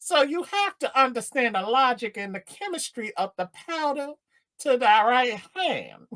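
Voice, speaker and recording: A man putting on the voice of a cocky, smooth-talking streetwise pimp who lectures in slang. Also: extremely high pitch, sing-song, measured pace, fairly bright tone, heavily acted. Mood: cocky lecturing.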